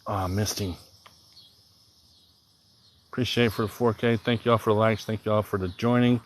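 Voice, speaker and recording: Fishing outdoors by the water, the Southern Illinois angler with a mild Southern American accent rambles casually in a low, steady, easygoing voice at normal speed. He thinks out loud and answers viewers on his live stream while crickets chirp faintly behind him.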